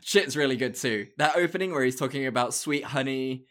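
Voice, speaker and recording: A woman's voice: rumbling low, fairly quick. A woman co-hosting a podcast, chatting casually about films and shows, swearing freely and laughing often. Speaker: podcast co-host.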